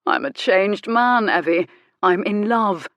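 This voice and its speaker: A woman's voice: medium pitch, expressive, takes it slowly, no echo. A woman reading an audiobook, voicing a smug, cruel aristocratic man in a self-satisfied, sneering manner. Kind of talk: audiobook character voice.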